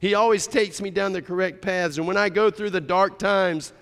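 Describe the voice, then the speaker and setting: A man's voice: high voice, steady tone, moderate pace, creaky, fairly bright tone. A man voicing a confident, devout shepherd psalmist, speaking emphatically and declaring his faith. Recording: long hall reverb.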